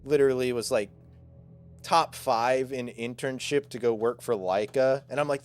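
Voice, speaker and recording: A man's voice: medium pitch, moderate pace, clean tone, soft background music. A man in his twenties, a streamer, chatting casually with his viewers and rambling through a self-deprecating story full of fillers.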